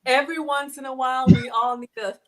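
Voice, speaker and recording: A woman's voice: high voice, little pitch movement, fast, poor audio. A middle-aged woman, hosting a live cooking stream and chatting casually as she reads out viewer comments.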